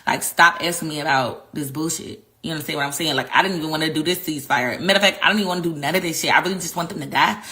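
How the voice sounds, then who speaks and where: A woman's voice: low voice, racing, hardly any pauses, bright, forceful tone, pitched below the performer's own voice. A woman voicing a callous male head of state, dismissive and profane in a couldn't-care-less drawl.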